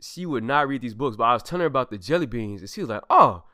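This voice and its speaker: A man's voice: medium pitch, lively intonation, very fast, sharp tone, no echo, clean studio sound. A young man hosting a podcast, telling heartfelt personal stories in a casual, emphatic way with loose slang, acting out quoted lines. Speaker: podcast host.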